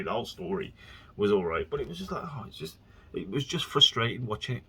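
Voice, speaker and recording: Male podcast host, husky voice, loose chatty monologue with bursts of exasperation. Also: mid-range voice, very animated, quick pace, pushed and bright. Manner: rambling, chatty, breaks into exasperated rants. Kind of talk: casual solo podcast rambling.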